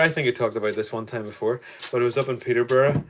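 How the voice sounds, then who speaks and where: Man, Northern Irish accent, mid-pitched voice, rambling live stream chat, art tutor at his desk. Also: steady tone, a little fast, few pauses, very noisy. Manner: chatty, rambling, greeting viewers by name. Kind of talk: casual live painting demo chat.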